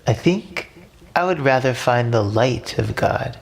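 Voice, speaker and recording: A man's voice: medium pitch, animated, measured pace, creaky. A man voicing a small, frightened young male fish in a storybook, talking in a pleading, whiny way.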